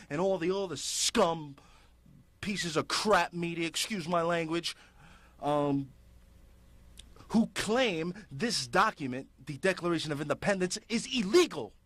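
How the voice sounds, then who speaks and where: A man's voice: on the high side, fairly bright tone, no room sound. A man hosting a public access show, delivering impassioned political commentary in a fiery, ranting, emphatic way.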